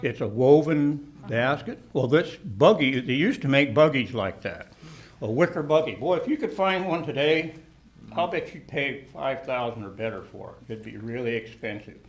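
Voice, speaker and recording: Animated older man telling a tale. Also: mid-range voice, moderate pace. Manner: animated, laughing, shouting at peaks. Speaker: storyteller. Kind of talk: telling a personal anecdote.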